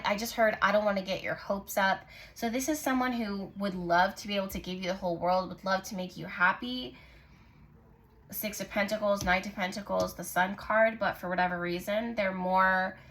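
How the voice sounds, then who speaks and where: A woman hosting her own channel, giving a casual tarot reading to camera in a soft, musing way, often pausing to say what she senses. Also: medium pitch. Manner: musing, intuitive, lots of "like" and "I just heard". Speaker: tarot reader and channel host.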